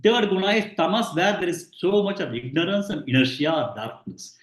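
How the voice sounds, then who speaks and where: Man, scripture teacher; slightly high voice, patient and halting delivery, roomy echo. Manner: patient, repeats himself, frequent "uh" pauses. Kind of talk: explanatory lecture.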